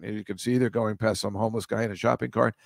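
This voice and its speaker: A man's voice: fairly low pitch, fairly even intonation, fast, creaky, dry recording. A man hosting a comedy podcast, riffing casually with rambling, profane, sarcastic asides.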